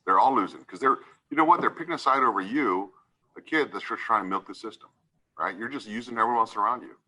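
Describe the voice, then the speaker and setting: A man's voice: fairly low pitch, fast talker, bright, forceful tone, low-quality recording. A man serving as judge, giving a stern courtroom lecture and repeatedly asking "right?" to press his point.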